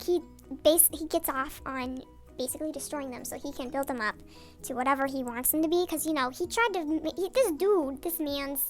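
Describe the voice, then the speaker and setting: A young female YouTuber records a late-night rant vlog in her bathroom, wandering off-topic with sarcasm, swearing, and mock outrage. Her voice has been digitally sped up and pitched up.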